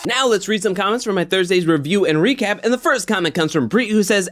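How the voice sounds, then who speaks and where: A man hosting a casual commentary show, talking in an animated way and getting worked up as he rants. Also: high voice, fast, hardly any pauses. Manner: animated, gets worked up and ranty. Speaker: reality TV commentary host.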